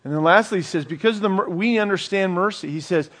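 A man's voice: high voice, fast, few pauses, fairly bright tone. A man preaching a conversational Bible teaching, checking in with his listeners with a frequent "okay?". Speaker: pastor. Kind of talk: sermon.

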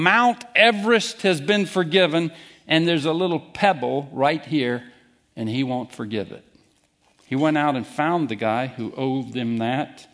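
Male pastor, sermon delivery, higher-pitched voice, emphatic. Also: fairly bright tone. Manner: emphatic, deliberate preaching with direct challenges to listeners.

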